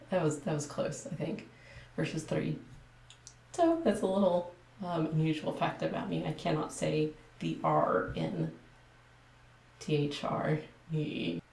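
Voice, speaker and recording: A woman in her thirties from Texas with a Texan accent, talking casually to camera in a soft, careful way with many pauses. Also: low voice, gravelly. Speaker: ASMR creator. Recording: echoey room, mic at a distance.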